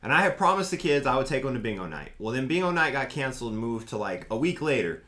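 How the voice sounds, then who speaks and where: A man from Oklahoma hosting a casual talk show, telling stories in an animated, slangy way. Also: medium pitch, fast talker. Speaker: host. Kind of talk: casual podcast chat.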